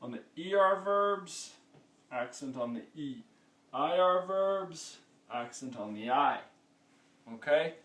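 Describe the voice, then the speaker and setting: A man's voice: fairly high pitch, expressive, slow pace, a bit bright. A man teaching a lesson, explaining patiently step by step and often checking in with "okay?". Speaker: Spanish teacher. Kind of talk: classroom-style lesson. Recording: echoey room, mic far off.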